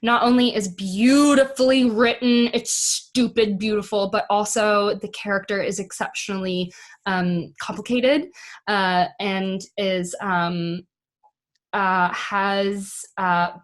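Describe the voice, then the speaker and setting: A woman's voice: mid-range voice, steady tone, slow. A woman speaking as an actress guest in a casual interview, chatty, with many fillers and easy laughs. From United States.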